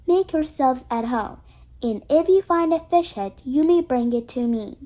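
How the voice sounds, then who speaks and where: A grand old duck who carries herself with lofty self-importance and talks down to the others, voiced by a woman reading aloud. The voice is high and light. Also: expressive, unhurried, warm tone.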